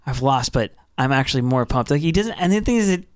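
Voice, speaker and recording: A man's voice: mid-range voice, lively intonation, quick pace, no room sound, studio quality. A man co-hosting a casual podcast discussion, chiming in with eager enthusiasm. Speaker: podcast co-host.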